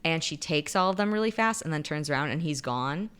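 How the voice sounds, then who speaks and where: A woman's voice: low voice, lively intonation, brisk, a bit bright, clean tone. A young woman co-hosting a podcast, animatedly retelling a romance novel's plot and acting out the characters' lines in casual chat.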